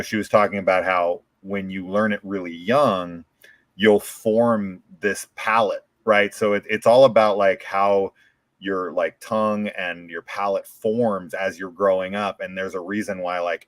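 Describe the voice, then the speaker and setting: A man's voice: sits low, steady tone, a little slow, a bit bright, no echo. An American man chatting casually as a podcast host, rambling with lots of "like" and restarts. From United States. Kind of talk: casual chat.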